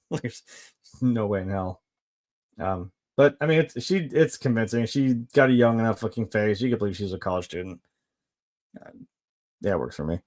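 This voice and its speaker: A man giving a casual film review, laid-back and rambling, with lots of fillers, swearing and quick laughs. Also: fairly low pitch, expressive, darkish tone.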